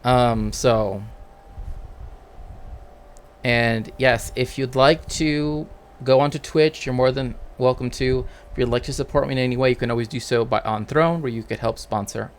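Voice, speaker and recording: Brief: male streamer and historian, casual and rambling, mid-pitched, keeps asking "right?". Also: steady tone, normal speed. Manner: rambling, tags sentences with "right?". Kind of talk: casual live-stream talk.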